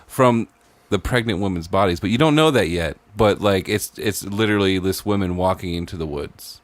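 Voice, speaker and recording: A man's voice: low voice, moderate pace, no echo. A man co-hosting a podcast, rambling casually through story ideas with lots of "like" and "maybe". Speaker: podcast co-host. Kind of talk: casual brainstorming chat.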